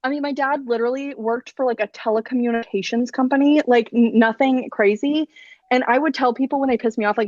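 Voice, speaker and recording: A young woman with a high voice rattles through casual pop culture chat, rambling and swearing as she goes. The sound is dry and a bit dull, with a lo-fi edge. She talks in loose, animated runs. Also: brisk, no room sound. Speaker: podcast guest.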